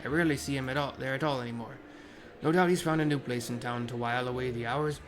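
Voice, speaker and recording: A man's voice: medium pitch, fast, over music, natural voice. Man reading as a gossipy male lizard-folk shopkeeper, friendly, game dialogue. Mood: chatty.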